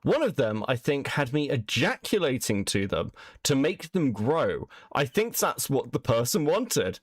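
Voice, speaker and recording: A man's voice: medium pitch, big pitch swings, unhurried, slightly rough, dry recording. A man hosting a livestream, reacting crudely and laughing a lot, on a close mic. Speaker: stream host.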